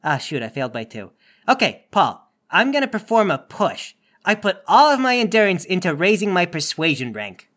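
A man's voice: high-pitched, very animated, normal speed, fairly bright tone. A man playing a tabletop game, goofy and playful in his banter. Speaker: player.

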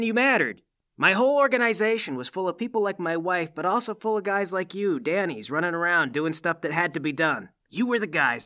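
A man's voice: high-pitched, sharp tone. A man playing a veteran superhero, easygoing mentor. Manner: easygoing, encouraging, fatherly. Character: veteran male superhero, gruff but kind mentor.

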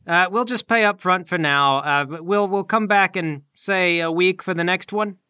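A player in a tabletop game making wry, deadpan suggestions. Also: medium pitch, moderate pace, smooth, no echo, studio quality. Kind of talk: in-character tabletop play.

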